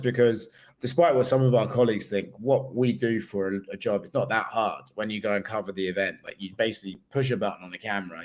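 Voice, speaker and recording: A man with a somewhat low voice talks quickly and casually as an interview guest. He jokes about himself in a dry, offhand way. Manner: dry, self-mocking humor. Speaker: interview guest, fighter and media reporter. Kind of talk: casual chat.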